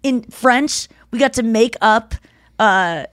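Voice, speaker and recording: A woman's voice: a little high, slow pace, no room sound, clean studio sound. A woman hosting a podcast, telling stories in casual chat, acting out the people she quotes and swearing freely. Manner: animated storyteller, acts out quotes. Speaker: podcast host.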